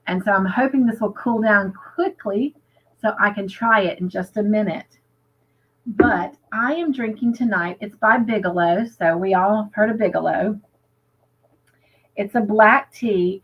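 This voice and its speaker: A woman's voice: mid-range voice, muffled recording. An American woman hosting a casual livestream chat, upbeat and chatty, reading viewer comments aloud. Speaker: livestream host.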